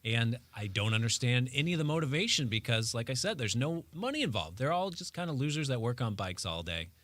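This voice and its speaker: A man's voice: mid-range voice, sing-song, a little fast, a bit bright, no echo. Wry, joking man reviewing a film. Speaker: film reviewer and show producer. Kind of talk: casual radio show movie review. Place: radio studio.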